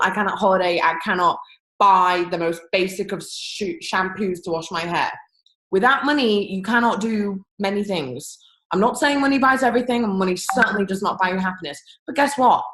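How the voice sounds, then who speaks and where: An upbeat, chatty woman, a business team presenter, delivers an animated sales pitch to a group call audience via computer or phone. Her slightly bright voice makes big leaps in pitch and adds playful asides, in an echoey room with slight background noise.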